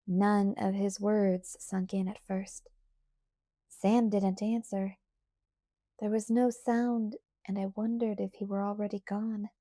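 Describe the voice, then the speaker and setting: A woman narrating an audiobook in a calm, measured first-person reading. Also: medium pitch, dry recording, studio quality. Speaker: audiobook reader.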